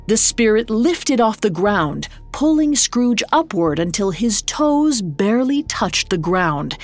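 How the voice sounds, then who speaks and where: A woman narrating a scripted story in a measured, unhurried manner. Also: mid-range voice.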